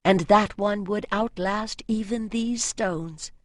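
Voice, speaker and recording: Slow, measured woman audiobook narrator. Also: mid-range voice, no room sound, clean studio sound.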